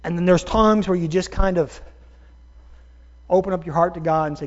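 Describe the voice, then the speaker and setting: A man with a high, light voice preaches with emphatic, drawn-out stresses, addressing his congregation as folks. The recording sounds dull and lo-fi. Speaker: pastor. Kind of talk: sermon.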